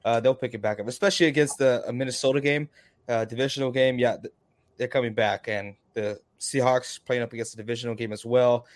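Dude on a podcast getting all fired up, mid-pitch voice, talks a lot. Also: male voice, fast talker. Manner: animated, emphatic, chatty. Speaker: podcast co-host. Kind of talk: casual fantasy football chat.

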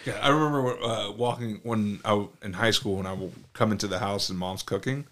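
A man's voice: fairly low pitch, fairly quick. A man co-hosting a casual chat podcast, telling funny food stories with lots of swearing and laughter. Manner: animated storytelling, swears often, laughs a lot. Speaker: podcast co-host.

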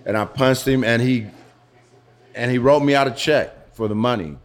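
A man in his fifties, interviewed in a pizza restaurant, telling his story haltingly and often restarting phrases. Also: mid-range voice. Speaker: interview guest.

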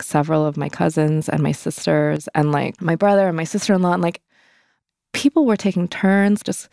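A woman's voice: lowish voice, creaky, darkish tone, dry recording, studio quality. A young adult woman telling her personal story as an interview guest, candid and conversational, full of fillers. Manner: conversational, many fillers, acts out quoted voices.

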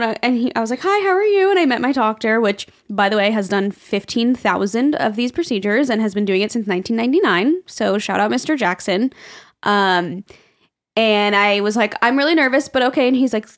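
A young woman co-hosting a podcast, telling a story in casual chat, acting out the people she quotes and laughing often. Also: on the high side. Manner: animated, acts out quoted people in raised voices, laughs often. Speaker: podcast co-host.

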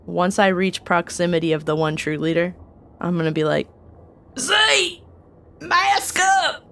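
A woman playing a tabletop game, playful and animated. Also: low voice, a little fast. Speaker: player. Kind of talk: casual tabletop game play.

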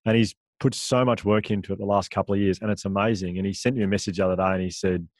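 A man, a guest author, telling lively stories full of quoted dialogue in a casual interview. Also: low-pitched, no room sound, studio quality. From Australia. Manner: animated storyteller, quick asides and quoted dialogue.

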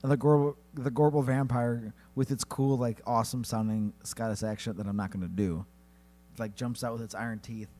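A man co-hosting a comedy podcast, narrating a silly battle with lively delivery and sudden high-pitched character voices. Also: fairly quick. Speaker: podcast co-host. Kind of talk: comedic storytelling banter.

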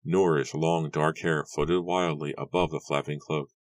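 Very deep-voiced male narrator. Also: fairly even intonation, a little slow, no room sound, distant mic. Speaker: audiobook narrator. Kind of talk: scripted narration.

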